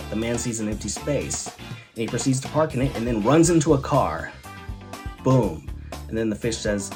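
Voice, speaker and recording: An upbeat man hosting a comedy show, reeling off one-liners and stories. His delivery swings a lot in pitch and stresses each punchline, and faint music plays behind him. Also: expressive, fairly quick. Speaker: host. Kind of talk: joke-telling comedy monologue.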